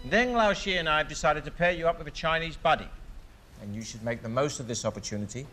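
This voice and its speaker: An actor playing a man who leads a maths team, brisk and joking in a theatrical way. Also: fairly high pitch, pushed and bright. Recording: film soundtrack with music under the voice.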